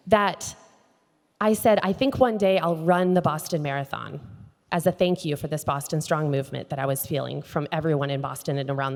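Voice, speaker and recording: A woman giving an inspirational speech on a conference stage, telling a personal story with expressive delivery and acting out the dialogue. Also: lowish voice. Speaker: keynote speaker. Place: conference stage in a large hall. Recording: long hall reverb.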